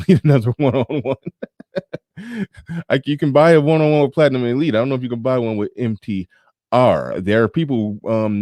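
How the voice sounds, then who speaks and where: A man's voice: on the low side, a little mellow, dry recording, clean studio sound. A man hosting a casual livestream, talking bluntly and profanely with laughs and sarcastic asides while reading viewer super chats. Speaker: livestream show host.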